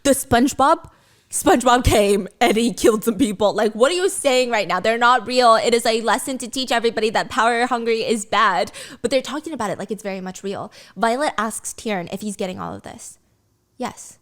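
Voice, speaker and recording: A woman retelling a story in a casual, animated way with swearing and chatty asides. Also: on the high side, a little fast, hardly any pauses.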